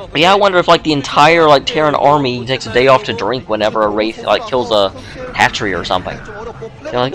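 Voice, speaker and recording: A sleepy man, yawning late at night, giving casual play-by-play commentary on a game, chatty and full of joking asides. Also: mid-range voice.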